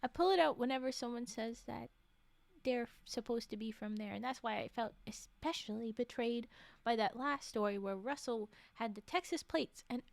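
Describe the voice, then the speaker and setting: A woman streamer with a high voice talks casually to her live viewers. She rambles, restarts her sentences and laughs quickly, and the recording sounds dry and close. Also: creaky, darkish tone, no echo. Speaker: livestreamer reading stories.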